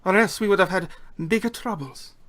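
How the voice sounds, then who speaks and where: A man voicing a disguised shapeshifting woman who gives hushed, commanding orders in a tabletop game. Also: high-pitched, fairly quick. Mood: hushed urgent.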